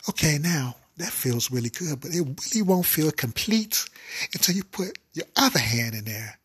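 A man voicing a bold, demanding young woman in a told joke, speaking low and coaxing. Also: lively intonation, normal speed, fairly bright tone, breathy edge, full character voice. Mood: teasing.

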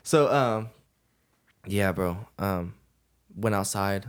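A man's voice: lowish voice, brisk. A young man, a podcast guest, telling a personal story in a casual, laid-back way, often laughing and saying "bro".

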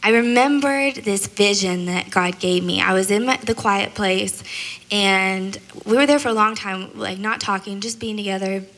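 A woman gives a casual devotional talk about her faith, chatty and rambling, peppered with "like" and "you know" as she processes her thoughts out loud. Her voice is mid-range at a moderate pace, and the recording is low quality.

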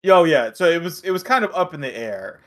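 A man's voice: a little high, big pitch swings, fairly quick. Easygoing man recapping a show. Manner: easygoing, acts out characters' lines. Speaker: podcast co-host. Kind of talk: casual chat recapping an anime.

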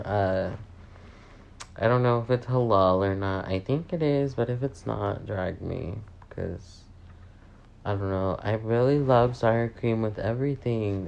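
A young woman talks straight to her viewers in a loose, confessional vlog. She speaks slowly and rambles, swears freely and pokes fun at herself. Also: a bass voice, gravelly, darkish tone. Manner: rambling, swears often, self-mocking. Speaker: vlogger. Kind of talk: casual confessional vlog chat.

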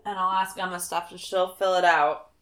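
A young woman in her twenties co-hosting a podcast, chatting in a relaxed way with lots of "like.". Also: lowish voice, moderate pace. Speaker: podcast co-host. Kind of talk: casual chat.

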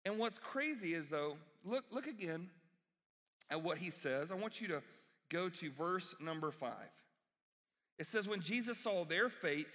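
Pastor type, male, high bright voice, lively preacher who acts out quotes, big hall sound. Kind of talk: sermon. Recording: reverberant hall.

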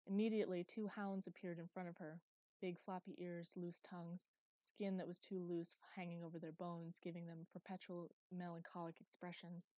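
With a fairly low pitch and a normal speed, a woman reads an audiobook in a calm, even storytelling style, and the recording has no echo.

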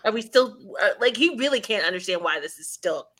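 A woman's voice: medium pitch, lively intonation, fairly quick, fairly bright tone, slight background noise. A woman co-hosting a casual podcast, analysing characters with emphasis. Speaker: podcast co-host. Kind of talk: casual chat about a TV series.

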